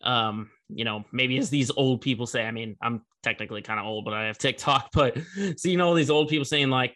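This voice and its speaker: A man's voice: medium pitch, fairly even intonation, a little fast, a bit bright. A young man hosting a casual sports commentary show, chatty and rambling, laughing at the story.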